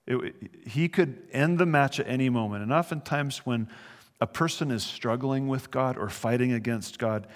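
A man's voice: mid-range voice, normal speed. Conversational male pastor in a reverberant hall. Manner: conversational and earnest, with brief chuckles. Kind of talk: sermon, verse-by-verse Bible teaching.

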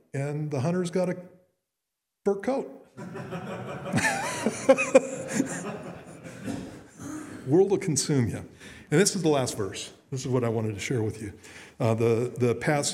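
A man's voice: fairly high pitch, a little mellow. A middle-aged man, a pastor, preaching earnestly in a conversational way with frequent restarts. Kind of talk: sermon. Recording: long reverb in a hall.

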